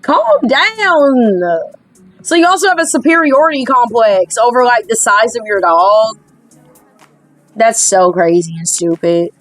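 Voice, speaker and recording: A woman's voice: a little high, lively intonation, measured pace, faint music behind. A young woman streaming a dating game, reading its dialogue aloud and reacting with sarcastic, exasperated commentary and the occasional curse. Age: young adult. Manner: sarcastic, exasperated, swears freely. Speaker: gaming streamer.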